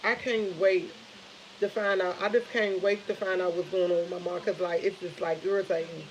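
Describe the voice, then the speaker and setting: A woman's voice: fairly low pitch, fairly even intonation, moderate pace, poor audio. A woman chatting casually on a live stream, rambling and retelling conversations with family. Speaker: vlogger.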